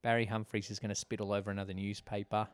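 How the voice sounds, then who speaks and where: A man's voice: lowish voice, level tone, rapid-fire, smooth, no echo. A man chatting casually and making wry jokes while watching a movie with a friend. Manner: wry, joking asides. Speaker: movie commentator. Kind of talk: casual movie commentary chat.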